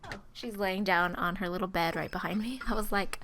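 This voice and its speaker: A woman who is feeling sick, giving chatty, expressive gameplay commentary and talking straight to her viewers. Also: medium pitch, fairly quick. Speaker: gaming video host.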